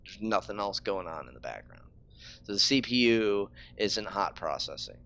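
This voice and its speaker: A man's voice: low voice, sing-song, moderate pace, creaky, pushed and bright. A man streaming a game live, ranting in frustration and swearing freely. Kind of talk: casual live-stream talk.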